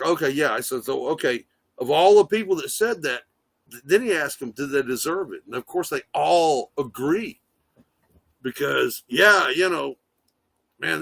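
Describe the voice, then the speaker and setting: A man's voice: on the high side, gravelly, a bit bright, no room sound. A man rambling casually on a livestream, swearing often and leaning on fillers. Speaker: livestream host. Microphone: phone.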